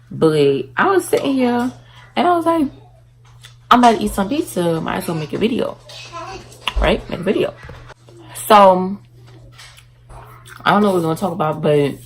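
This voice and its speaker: A woman's voice: mid-range voice, animated, moderate pace, pauses often, low-quality recording. A woman chatting casually in a mukbang vlog at home, talking while she eats. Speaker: vlogger. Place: indoors at home, in her bedroom.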